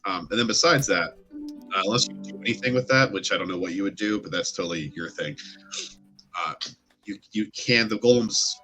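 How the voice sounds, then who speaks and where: A man narrating as game master of a tabletop game, describing scenes loosely with many fillers and pauses. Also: on the low side, pushed and bright, faint music behind.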